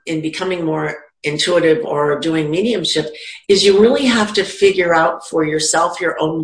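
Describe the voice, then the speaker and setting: A woman's voice: lowish voice, echoey room, low-quality recording. A woman who works as a psychic medium and teacher, telling stories in casual conversation and acting out the voices she quotes. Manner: animated, acts out quoted voices.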